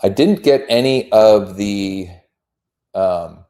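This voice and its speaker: A man's voice: fairly low pitch, slow pace, warm tone. A man who works as a real estate agent, running a live workshop and making friendly, informal phone calls to leads.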